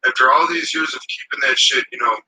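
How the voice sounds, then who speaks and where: Husky, heated man ranting. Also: mid-range voice, brisk, bright, forceful tone, poor audio. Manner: profane, heated and rambling. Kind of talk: casual rant to camera.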